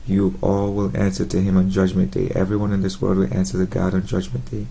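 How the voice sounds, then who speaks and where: Male preacher, earnest and halting, dark mellow gravelly voice. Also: low voice, completely flat delivery, poor audio. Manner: earnest, halting, with frequent fillers and restarts. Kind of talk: informal gospel sermon to camera.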